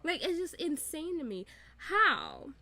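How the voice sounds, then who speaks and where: A woman's voice: sits high, big pitch swings, pushed and bright. A woman hosting a reaction video, ranting in an exasperated, profane way with lots of fillers and laughter. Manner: many "like" fillers, restarts and quick rants. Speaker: reaction channel host. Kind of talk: reaction commentary.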